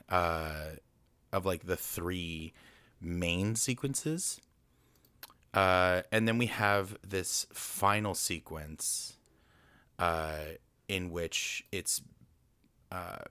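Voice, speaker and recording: Deep-voiced man rambling through a film recap. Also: a bit bright, no echo. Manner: rambling, frequent fillers and restarts. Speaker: film reviewer.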